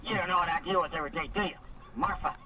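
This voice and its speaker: A man's voice: high-pitched, normal speed, heavy background noise, close to an everyday voice. A man calling in and playing a stern, paranoid military agent who gives curt orders. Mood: frantic. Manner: curt orders, then rambling about lights. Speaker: caller.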